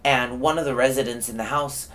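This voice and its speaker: A man's voice: mid-range voice, a little fast. A man in casual chat, acting out his reactions as he tells how he was pranked in a rehab house. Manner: expressive storyteller, acts out his reactions. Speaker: rehab resident telling prank stories.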